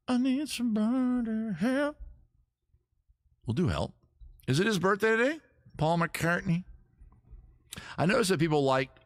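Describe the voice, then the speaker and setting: A man hosting a music livestream, chatting casually and jokingly in a rambling, animated way and tripping over his words. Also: mid-range voice, no echo, studio quality. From United States. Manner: rambling, animated, self-interrupting with stutters. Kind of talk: casual joking chat between songs. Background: loud guitar music.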